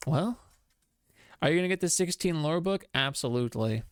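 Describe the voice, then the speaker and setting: A man's voice: fairly high pitch, expressive, moderate pace, dry recording, clean studio sound. A man streaming a game, joking with chat and reading game text aloud. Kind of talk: casual game streaming commentary.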